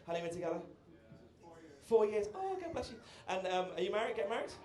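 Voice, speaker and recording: Cheeky British comedian, lively high voice. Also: male voice, fast, heavy background noise. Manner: cheeky, chatty, banters with the crowd. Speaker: stand-up comedian. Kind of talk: stand-up set. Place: comedy club on stage. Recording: roomy club with loud crowd.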